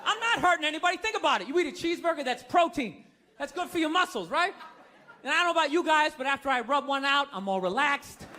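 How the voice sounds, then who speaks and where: High, bright-voiced ranting male comic. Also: animated, fast. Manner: ranting, profane, incredulous. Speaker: stand-up comedian. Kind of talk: stand-up comedy set. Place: theater stage before a laughing audience. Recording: live stage set with audience.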